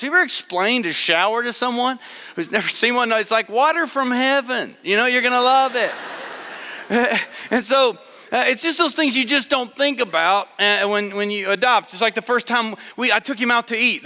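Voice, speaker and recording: A man's voice: very high-pitched, bright, forceful tone. A middle-aged man giving a chapel sermon, telling stories in a humorous, conversational way. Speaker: chapel speaker. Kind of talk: storytelling sermon. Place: large chapel hall. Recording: long hall reverb.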